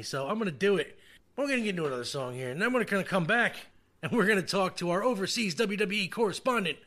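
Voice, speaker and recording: A man's voice: a little high, a bit bright. A man hosting a show in a casual, rambling way, full of fillers and restarts and self-mocking jokes. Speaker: show host. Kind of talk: casual radio-style chat.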